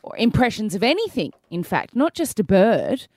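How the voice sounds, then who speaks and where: A woman's voice: medium pitch, sing-song, normal speed, darkish tone, dry recording. A woman co-hosting breakfast radio, dry and teasing in casual banter into a studio microphone. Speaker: radio co-host.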